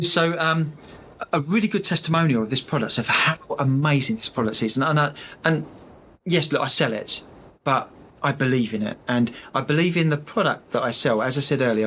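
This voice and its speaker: A man's voice: mid-range voice, fairly bright tone, slight background noise. Chatty man telling work stories. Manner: chatty storyteller, many fillers and restarts. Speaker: sales rep for architectural film, podcast guest. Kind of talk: casual podcast interview.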